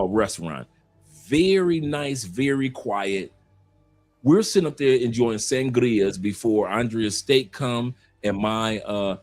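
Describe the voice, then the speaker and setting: Husky, animated man telling stories. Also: medium pitch. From Detroit, USA. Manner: animated storytelling, laughs often. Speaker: guest. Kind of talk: casual chat.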